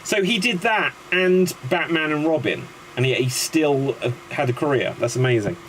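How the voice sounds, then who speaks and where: A man's voice: a little high, moderate pace, fairly bright tone, a little hiss or hum, low-quality recording. A man hosting a live improv comedy show, chatty and upbeat as he introduces the games. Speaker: host.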